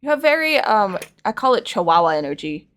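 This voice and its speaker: A woman's voice: medium pitch, big pitch swings, brisk, fairly bright tone. A young woman with a slight lisp chatting casually with her stream audience while painting, rambling and self-deprecating.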